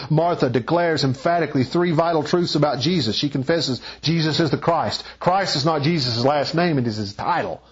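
A man preaching a sermon as a pastor, emphatic, his voice climbing higher when he drives a point home. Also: husky, muffled recording.

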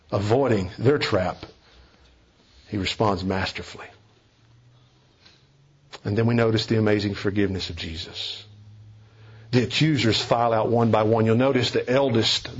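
A man's voice: medium pitch, slightly rough, dull audio. A man preaching a sermon as a pastor, earnest and emphatic, stressing key phrases.

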